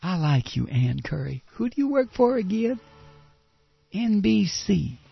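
A man impersonating a drowsy, tipsy politician's wife, talking in a slow, confiding way. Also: sits high, very animated, creaky, husky, dry recording, highs cut off, soft background music, pitched above the performer's own voice, heavily acted. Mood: woozy. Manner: slow, mellow, woozy and confiding.

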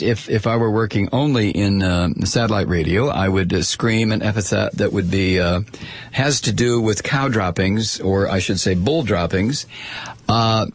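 A man's voice: lowish voice, breathy edge, no room sound. A man hosting a talk radio show, delivering a sarcastic, combative opinion monologue.

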